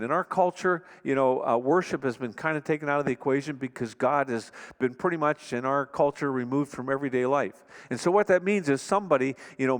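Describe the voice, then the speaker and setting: A man's voice: on the high side, big-room sound. A man preaching a sermon as pastor, in a conversational way, sometimes acting out the quarrels of married couples.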